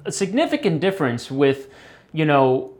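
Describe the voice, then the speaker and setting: A man's voice: on the high side, sing-song, normal speed, darkish tone. A man, a guitarist guest, talking loosely with many fillers and the odd curse. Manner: rambling, many fillers, swears. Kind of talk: casual interview talk.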